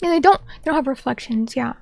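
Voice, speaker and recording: A woman's voice: sits high, animated, fast talker, gravelly, dry recording, soft background music. A young adult woman streamer chatting casually with viewers, playful and rambling, with mock-indignant asides. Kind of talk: casual chat reading viewer messages.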